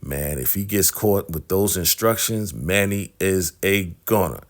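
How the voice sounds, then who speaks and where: A man casually recapping a TV drama episode, retelling scenes with animated asides and frequent "right?" checks. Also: sits low, a little slow. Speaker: TV recap vlogger.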